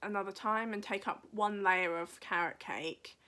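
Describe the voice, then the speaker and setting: A woman hosting a craft podcast in casual chat, her voice bright and forward. She rambles and thinks aloud as she pages through a book, sometimes sinking to a near-whisper. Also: mid-range voice, steady tone, moderate pace.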